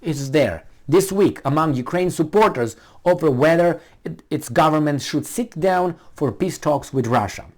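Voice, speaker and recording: A man's voice: a little high, moderate pace, few pauses. A man hosting a commentary video, reading a news article aloud and mocking it with sarcasm and swearing. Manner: animated, sarcastic, swears and mocks the article's author. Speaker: political commentary video host.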